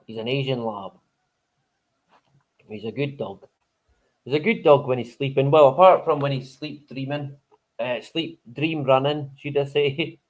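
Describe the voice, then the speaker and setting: A man hosting a live stream in casual chat, rambling, swearing freely and chuckling often. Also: mid-range voice.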